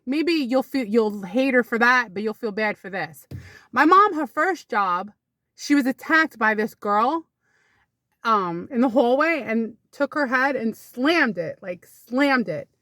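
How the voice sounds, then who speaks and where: A woman's voice: expressive, takes it slowly, bright, forceful tone, no echo. Woman, casual vlog storytelling, rambling, dry close sound. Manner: chatty and rambling, with sudden high exclamations. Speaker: vlogger.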